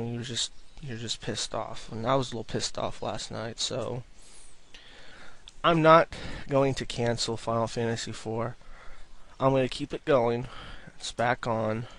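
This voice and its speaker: A man's voice: mid-range voice, a bit bright. A young man answering viewer questions in a casual, rambling video, often repeating himself and restarting sentences.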